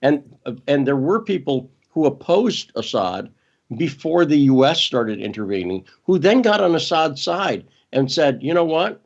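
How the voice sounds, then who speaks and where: Emphatic man talking fast on a dull line. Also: medium pitch, very animated, gravelly. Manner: emphatic, quick, often restarts and corrects himself. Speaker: interview guest. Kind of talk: casual interview talk.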